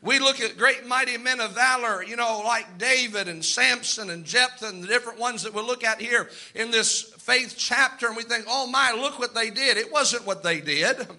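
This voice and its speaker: A man's voice: very high-pitched, moderate pace, hardly any pauses, sharp tone. A male pastor preaching a sermon, repeating lines for emphasis and calling out amens.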